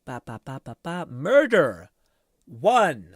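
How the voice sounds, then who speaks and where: A hoarse man casually commenting on a game as he streams it, rambling, swearing freely and reading chat messages aloud. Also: on the high side, very animated, takes it slowly, no echo, studio quality.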